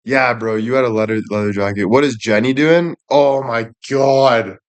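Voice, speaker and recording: A man's voice: mid-range voice, normal speed, clean tone. A young man hosting a casual livestream, rambling and joking crudely. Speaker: livestream host.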